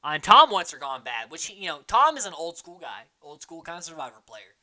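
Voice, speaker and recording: A podcast host in casual chat, rambling and excitable, packing the talk with fillers. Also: mid-range voice, fast. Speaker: podcast host recapping a reality show.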